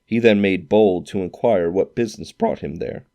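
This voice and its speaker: Here a man with a very low, dark voice and noticeable vocal fry narrates a classic novel at a normal speed. His delivery is expressive, and he takes on character voices for the quotations.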